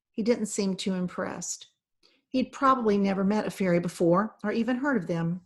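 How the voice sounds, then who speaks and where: A woman reading a children's novel aloud, narrating the story in a steady, even way. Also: mid-range voice, normal speed. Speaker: reader.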